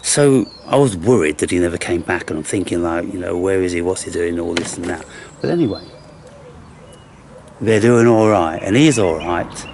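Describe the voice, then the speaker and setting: A man's voice: low-pitched, animated, moderate pace, darkish tone, slight background noise. A man vlogging outdoors on a handheld camera, chatting and coaxing birds and squirrels. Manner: chatty, coaxing animals in a singsong voice. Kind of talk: casual outdoor vlog talking to birds and squirrels. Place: outdoors in a garden or woodland.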